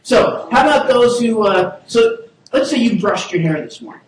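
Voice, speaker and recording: A man preaching a sermon in a casual, halting way with many restarts, leading his listeners in call-and-response. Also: very high voice, animated, a little hiss or hum. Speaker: pastor. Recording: echoey hall, voice from far off.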